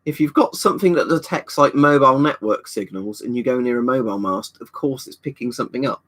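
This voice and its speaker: An easygoing man, talking casually on a home livestream. He rambles from one viewer comment to the next, reading each one out and answering it in an unhurried way. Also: mid-range voice, fairly bright tone. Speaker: livestream host. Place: indoor storage room at home.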